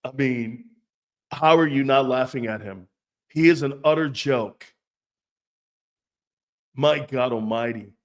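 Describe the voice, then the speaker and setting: A man's voice: mid-range voice, slow pace, long pauses. A man hosting sports talk radio, ranting in a brash, profane way and laughing between his jabs. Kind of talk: opinionated sports radio rant.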